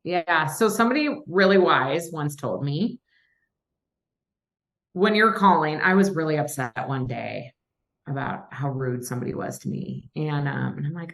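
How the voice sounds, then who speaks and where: Chatty low-voiced woman investor. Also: measured pace, vocal fry, fairly bright tone. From Minnesota. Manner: chatty, storytelling, acts out quoted phone calls. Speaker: real estate investor guest. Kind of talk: casual podcast chat.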